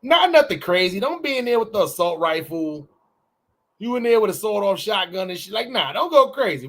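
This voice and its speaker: High-voiced and bright, this male podcast co-host bantersthrough a casual morning show with loose, profane ranting. He's animated throughout, and his pitch swings wildly whenever he mimics people and acts out quotes.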